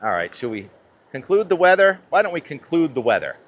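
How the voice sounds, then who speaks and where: A man's voice: fairly high pitch, very animated, a little fast, a little hiss or hum. A man talking casually through a weather forecast outdoors, chatty and rambling, breaking off mid-thought. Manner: chatty, rambling, self-interrupting. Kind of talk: casual live weather show. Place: outdoors at a beach.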